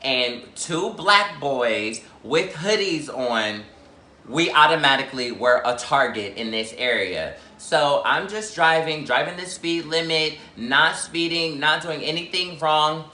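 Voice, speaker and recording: A chatty man tells a storytime vlog with a bright, forceful voice. He fills his sentences with "like" as he retells the events, and the room around him echoes noticeably. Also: on the high side, takes it slowly. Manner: chatty, heavy "like" fillers, animated retelling. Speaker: YouTuber.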